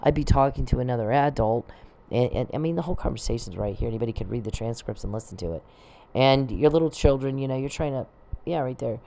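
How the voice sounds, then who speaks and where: A woman's voice: very deep voice, quick pace, mellow. A middle-aged woman in a casual monologue, agitated, swearing and rambling as she vents. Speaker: vlogger.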